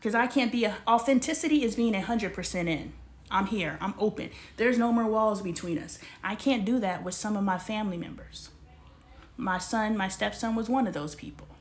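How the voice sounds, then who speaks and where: A woman's voice: medium pitch, moderate pace. A middle-aged woman, speaking bluntly and emphatically about family in a personal vlog. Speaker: vlogger. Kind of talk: candid personal talk to camera.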